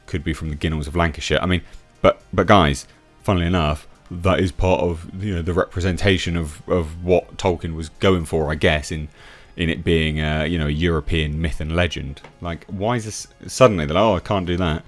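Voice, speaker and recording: Fairly quick and hardly pausing, an English YouTube reviewer with a deep, steady voice reads an article and scoffs at it in opinionated commentary. He laughs at what he reads, restarts often, and soft music plays behind.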